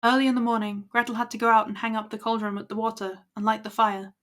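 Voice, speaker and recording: A woman's voice: a little high, little pitch movement, fast talker, a bit bright. A woman reading old fairy tales aloud to her stream at an easy pace, with small slips. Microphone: laptop built-in mic.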